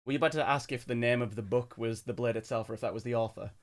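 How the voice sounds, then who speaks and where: A man's voice: mid-range voice, rapid-fire. A man hosting a reaction video, chatting casually and loosely, swearing now and then and filling his talk with lots of "like". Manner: relaxed, swears casually, many filler likes.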